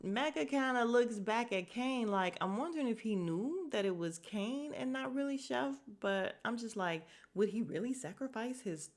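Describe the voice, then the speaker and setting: A woman hosting a casual podcast, recapping a TV drama episode in an animated way, swearing freely and laughing as she retells scenes. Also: a little high, moderate pace, few pauses. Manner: laughs often while recounting.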